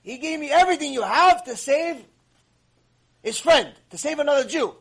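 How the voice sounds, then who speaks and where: A man acting out a frightened fugitive urgently explaining himself, in a husky voice. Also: extremely high pitch, animated, normal speed, pitched above the performer's own voice.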